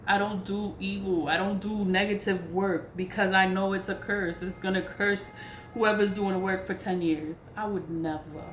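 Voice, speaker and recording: A woman's voice: mid-range voice, fairly even intonation, normal speed. A woman spiritual practitioner in a casual vlog rant, blunt and profane, laughing between points. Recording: echoey room with faint noise.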